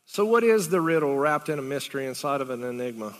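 A man's voice: medium pitch, lively intonation, quick pace, long reverb tail. A man preaching a sermon in a rambling, conversational way, full of rhetorical questions.

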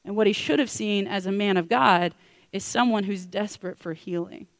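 Woman preacher, animated storyteller, casual slang, close dry mic. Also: mid-range voice, normal speed, no echo. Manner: lively storytelling, acting out characters with casual slang. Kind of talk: sermon. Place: church.

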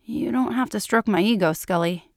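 A woman voicing an adult male lover, playful and amazed, in a soft, breathy way in a dry recording. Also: sits high, moderate pace, no room sound. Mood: intimate.

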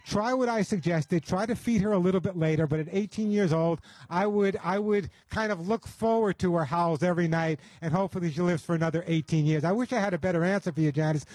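A man's voice: high voice, a little mellow, no echo. A man hosting a radio call-in show, giving advice in a chatty, folksy way and often repeating his words.

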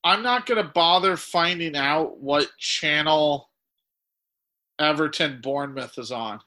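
A man's voice: a little high, unhurried, sharp tone. A man co-hosting a casual sports podcast who gives blunt, wry opinions. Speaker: podcast co-host.

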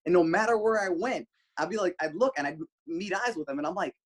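A male radio host, the guest, telling animated stories casually, swearing freely. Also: fast talker, breathy edge. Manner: animated, swears freely, jumps pitch for quoted lines. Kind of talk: casual storytelling.

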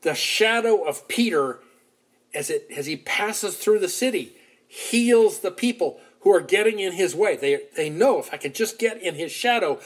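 A man preaching a sermon, retelling a Bible story in a lively storytelling manner with shifting loudness. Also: high-pitched. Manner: animated storytelling, shifting loudness, acts out quotes.

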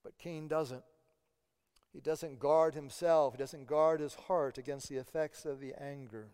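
A man's voice: a little high, fairly even intonation, unhurried, a little mellow, smooth. A man preaching a sermon as pastor, earnest and often repeating words as he presses a point. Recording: long hall reverb.

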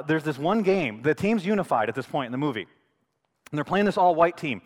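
A man preaching as pastor, telling a story in a lively way and building up to loud, excited bursts. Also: a little high. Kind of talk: sermon. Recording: hall reverb.

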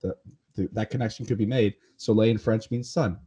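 A man's voice: fairly low pitch, fairly even intonation, normal speed, warm tone, slightly rough. A man with a Californian accent hosting a podcast, joking and rambling casually. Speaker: podcast host.

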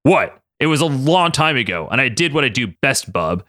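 A man reading as a gruff clawed brawler. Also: medium pitch, big pitch swings, normal speed, pushed and bright, dry recording, studio quality. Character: gruff confused man with claws.

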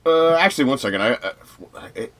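A man's voice: medium pitch, lively intonation, brisk, a bit bright. A man co-hosting a podcast, reading news items aloud with many fillers and restarts in casual discussion. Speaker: podcast co-host.

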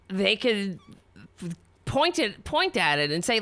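A woman commenting on a video, sarcastic and swinging from loud rants to low muttering. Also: very animated, takes it slowly, no room sound. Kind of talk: casual reaction commentary.

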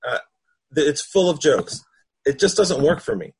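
A man talking frankly about films in a casual podcast conversation, measured and quick to laugh. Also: fairly high pitch, animated, breathy edge. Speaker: panel guest.

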